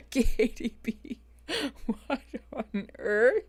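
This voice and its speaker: A woman's voice: fairly high pitch, extremely slow, slightly rough. A woman therapist chatting casually on a live stream, greeting viewers and laughing often. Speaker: therapist streaming reaction show.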